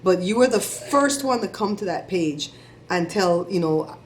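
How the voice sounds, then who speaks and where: A middle-aged woman vlogger giving chatty, animated shout-outs to her viewers. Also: lowish voice, a little slow, slight background noise. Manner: chatty, animated storytelling with laughs.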